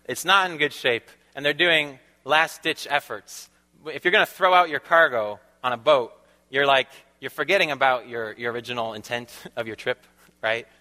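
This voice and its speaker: Bright-voiced chatty preacher in an echoing hall. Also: male voice, mid-range voice, moderate pace. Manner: chatty, laughs often, asks the congregation questions. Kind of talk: conversational sermon. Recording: long reverb of a large hall.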